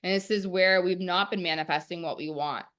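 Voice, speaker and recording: A woman's voice: fairly low pitch, steady tone, a little fast, fairly bright tone. A young woman teaching a live-streamed masterclass, talking in a chatty, enthusiastic way full of "like". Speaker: online course teacher.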